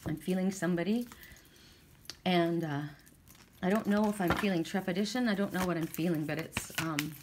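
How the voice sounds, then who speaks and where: A woman's voice: lowish voice, normal speed, noisy background. A woman doing a casual spiritual tarot reading, chatty and emotional, at times close to tears. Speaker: tarot reader.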